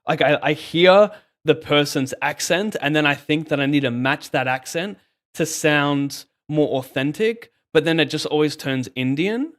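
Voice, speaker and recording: Sweary poker streamer. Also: male voice, fairly high pitch, fairly bright tone. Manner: swearing, joking, self-mocking. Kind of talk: casual live-stream commentary.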